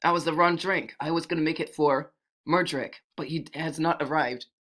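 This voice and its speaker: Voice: medium pitch, steady tone, moderate pace, a bit bright, lightly acted. A storyteller doing a nervous older bartender. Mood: apologetic. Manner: apologetic, hesitant.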